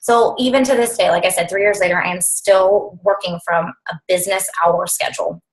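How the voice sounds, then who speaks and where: A woman's voice: lowish voice, a little fast, low-quality recording. A young woman coaching her team over a video call, talking bluntly and with lots of fillers. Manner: blunt, animated, filler-heavy.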